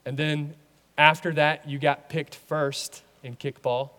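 Male pastor, high voice, lively sermon, echoey hall. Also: slow. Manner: animated, acts out voices in his retellings.

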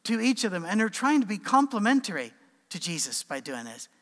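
A man's voice: sits high, a little fast. Guy giving a casual sermon, chatty with acted-out quotes, big echoey hall. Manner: conversational, animated asides and acted quotes. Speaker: preacher. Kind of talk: informal sermon with Q&A.

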